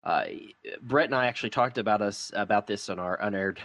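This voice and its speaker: Low-pitched male co-host; thoughtful, analytical chat. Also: fairly quick, fairly bright tone, slight background noise. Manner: reflective, builds long comparisons. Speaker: podcast co-host. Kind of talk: casual discussion.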